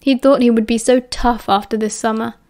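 A woman's voice: on the high side, fairly even intonation, a little fast, darkish tone. British woman reading an audiobook. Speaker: audiobook narrator. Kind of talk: audiobook narration.

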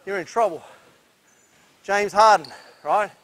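A man's voice: sits high, slow pace, slight background noise. A man with an Australian accent coaching basketball defense, demonstrating drills as he talks, breathless from the effort. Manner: energetic, instructive, breathless from drills. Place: indoor basketball court.

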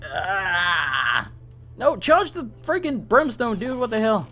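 A young English man streaming a game, chatting and reacting excitably, sometimes swearing when things go wrong. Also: very high voice, moderate pace. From England. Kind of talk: live gameplay commentary.

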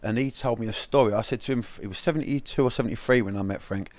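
Rapid-fire male podcast host. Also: mid-range voice, no echo. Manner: storytelling, lively voices in quotes; repeats words and restarts often. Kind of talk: casual interview chat.

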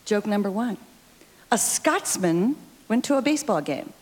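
A woman's voice: medium pitch, sing-song, moderate pace. A woman performing comic banter and telling jokes in a live radio stage show, playful and teasing, laughing often. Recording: live theater with long reverb.

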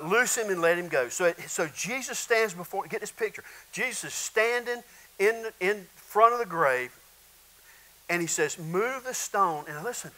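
Bright high-voiced male pastor preaching. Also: low-quality recording. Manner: conversational preaching with bursts of shouting and laughter. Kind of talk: sermon.

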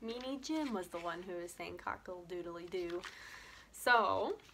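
A woman's voice: on the low side, unhurried, sharp tone, a little hiss or hum. A woman teacher reading a children's chapter book aloud and wrapping up the chapter. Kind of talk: storybook read-aloud.

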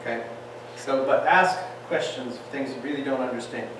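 A man teaching a Bible class, lively and joking, firing off questions at his students. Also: mid-range voice, normal speed. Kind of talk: classroom lecture. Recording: echoey room, distant mic, faint hiss.

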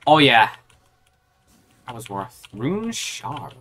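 A woman's voice: extremely low pitch, sing-song, extremely slow, a bit bright, slight background noise. A woman streaming a video game, reacting aloud and chatting with her viewers as she plays. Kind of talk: live gameplay commentary.

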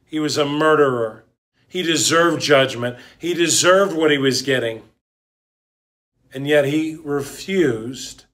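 Slow, deliberate male preacher. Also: mid-range voice, a bit bright. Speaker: pastor. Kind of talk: sermon.

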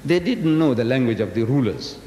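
Very animated and brisk, a South African public speaker in his sixties lectures in a large hall with a warm tone and a booming voice, teasing the crowd and firing questions. He speaks through a PA microphone, and the recording has cut-off highs, echo, and faint background noise.

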